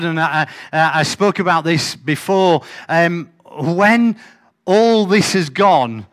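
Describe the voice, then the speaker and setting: High-voiced man preaching. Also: fairly bright tone. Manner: conversational, emphatic preaching with rhetorical questions. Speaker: pastor. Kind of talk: sermon.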